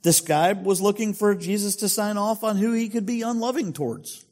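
A man's voice: high voice, moderate pace, darkish tone. A male pastor preaching a sermon in a conversational way, full of rhetorical questions. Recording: long hall reverb.

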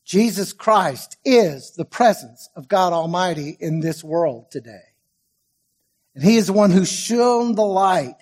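A pastor preaches a sermon in a high-sitting, animated voice. He is emphatic, swinging between loud, stressed lines and quiet asides, and slowly draws out key words.

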